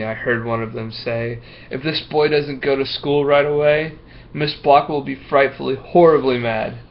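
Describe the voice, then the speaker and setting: A man's voice: mid-range voice, highs cut off, slight background noise, close to an everyday voice. A man voicing a nervous young schoolboy who stammers and hesitates while reading a picture book aloud.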